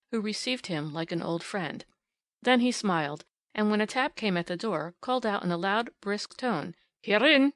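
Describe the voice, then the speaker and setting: A woman's voice: medium pitch, dry recording. A woman from New Zealand with a New Zealand accent, expressively narrating an audiobook in the first person. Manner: expressive storytelling reading.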